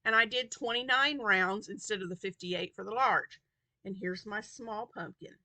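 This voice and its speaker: A woman vlogger chatting casually about her crochet projects, tired from a short night's sleep and quick to giggle. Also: mid-range voice, sharp tone, dry recording. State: tired and yawning. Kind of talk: casual chat to camera.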